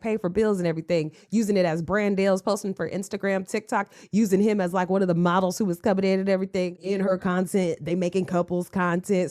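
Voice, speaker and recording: A woman giving casual, blunt and mocking reaction commentary, talking in slangy, sassy asides. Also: mid-range voice.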